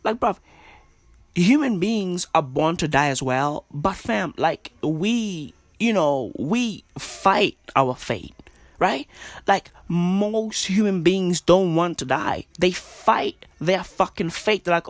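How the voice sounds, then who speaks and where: Slow, hushed man ranting. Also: sits high, animated, dry recording. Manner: slangy, profane, repetitive rambling. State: speaking in a hushed half-whisper. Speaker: podcaster. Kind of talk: casual rant. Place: own bedroom at home.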